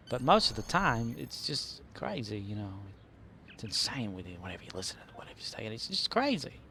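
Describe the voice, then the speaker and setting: Male game streamer, mid-pitched, casual and rambling, joking and talking to himself. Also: very animated, normal speed, creaky, pushed and bright, slight background noise. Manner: rambling, jokey, mutters to himself. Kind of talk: casual live-stream commentary.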